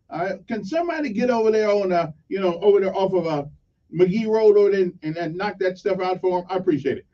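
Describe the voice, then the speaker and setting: A man hosting a morning radio talk show, rambling casually through shout-outs to local crews. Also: sits high, far from the mic. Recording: dull lo-fi sound, slightly off-mic.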